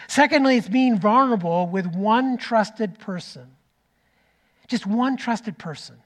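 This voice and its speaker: Middle aged guy preaching, tells a story, gets loud then drops real quiet almost whispering. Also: sits high. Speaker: pastor. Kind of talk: sermon.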